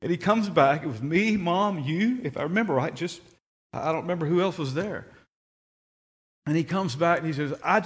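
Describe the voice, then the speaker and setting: A man preaching a sermon, telling stories and rising to excited shouts when he quotes people. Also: on the high side. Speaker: pastor.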